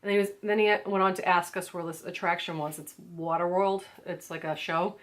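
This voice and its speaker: A woman's voice: fairly low pitch, fairly even intonation, brisk. A young American woman casually telling a story to her viewers, full of "like" and acted-out quotes. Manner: chatty, lots of "like", acts out quotes. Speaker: vlogger.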